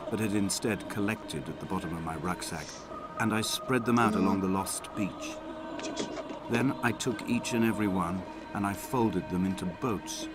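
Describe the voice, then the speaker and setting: Man playing a grieving island narrator, very low voice, slow and mournful, game music behind. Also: close to an everyday voice.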